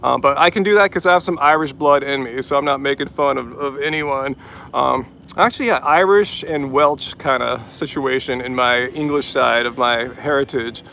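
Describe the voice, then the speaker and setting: A male live-stream host speaks at medium pitch and moderate pace, his voice gravelly, pushed and bright, over slight background noise. He's doing a laid-back live-chat Q&A from a vehicle after a run, chatty and full of "like" and "um."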